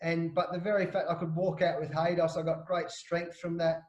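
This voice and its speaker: Middle-aged Australian man, high voice, lively storyteller; muffled echoey remote audio. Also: moderate pace. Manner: animated anecdotes with frequent restarts and laughs. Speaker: interview guest, former professional cricketer. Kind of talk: casual storytelling interview.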